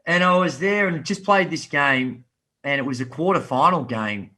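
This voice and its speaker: An Australian man in his fifties, a podcast guest telling a long story in a relaxed, animated way with local slang. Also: fairly high pitch, moderate pace. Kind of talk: casual storytelling.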